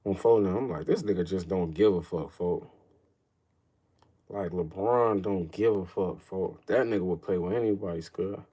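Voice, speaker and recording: A man's voice: low voice, moderate pace, mellow, breathy edge. A young man hosting a casual livestream, rambling in slangy, profane talk, calling everyone folks and answering chat questions. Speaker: livestream host.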